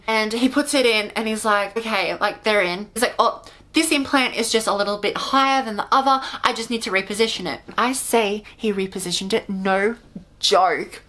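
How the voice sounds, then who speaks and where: Chatty Australian woman with a bright voice. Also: on the high side. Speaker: vlogger. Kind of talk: casual storytime.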